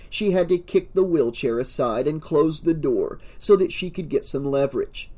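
A man narrating an audiobook in a steady, measured reading. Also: on the high side.

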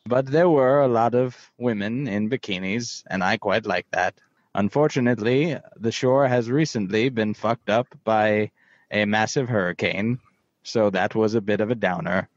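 A man puts on the voice of a calm older gentleman, dropping his pitch and speaking in an unhurried, measured way. The sound is muffled and dry. It feels like a podcast impression bit. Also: dry recording, close to an everyday voice. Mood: mellow.

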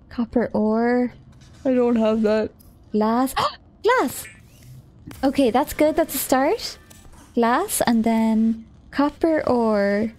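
A fairly high-voiced woman streaming a game, talking herself through each step. She giggles a lot and gets startled easily, with a casual, chatty delivery. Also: warm tone.

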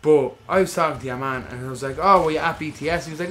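A man's voice: a little high, rapid-fire, slight background noise. Guy, game-stream co-host, loose and sweary, acts out every quote. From Ireland. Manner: swears freely, animated storytelling with acted-out quotes. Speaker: gaming podcast co-host. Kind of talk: casual chat while playing a game.

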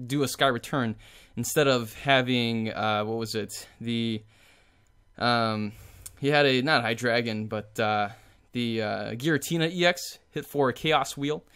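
A man's voice: mid-range voice, fairly bright tone, clear, resonant tone. A man casually talking over his screen as a YouTuber, rambling with many fillers and plain enthusiasm. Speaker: YouTuber showcasing a card game deck. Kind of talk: casual gameplay commentary.

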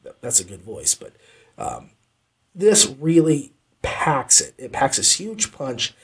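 A man's voice: medium pitch, huge pitch swings, slow pace, fairly bright tone, slightly rough. A man hosting a podcast, giving a casual spoken review of an audiobook, enthusiastic and rambling, often repeating words for emphasis. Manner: rambling, conversational asides.

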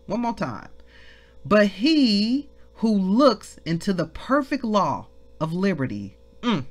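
A woman's voice: mid-range voice, big pitch swings, slow, faint music behind. A woman teaching a Bible devotional, exclaiming, repeating phrases and asking her listeners questions. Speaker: ministry leader teaching scripture.

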